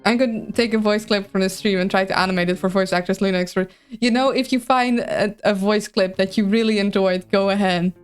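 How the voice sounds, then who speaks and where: Hoarse woman streamer, mid-pitched, crude and self-mocking, casual chat. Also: fairly even intonation, brisk, few pauses, faint music behind. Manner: crude, joking, self-deprecating. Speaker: streamer reading a game aloud.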